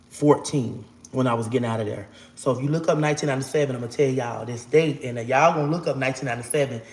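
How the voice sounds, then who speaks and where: A woman's voice: low-pitched, slight background noise. A woman in her forties tells a long personal story straight to camera, swearing to God and calling out to her viewers. Her talk is emphatic and casual. The sound rings with a roomy echo. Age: 40s. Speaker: storyteller vlogger. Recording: echoey room.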